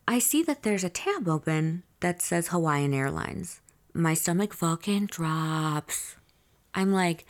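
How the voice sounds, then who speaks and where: Candid podcast host, a woman with a lowish, gravelly voice who tells her story straight to the listeners. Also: measured pace. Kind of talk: confessional diary storytelling.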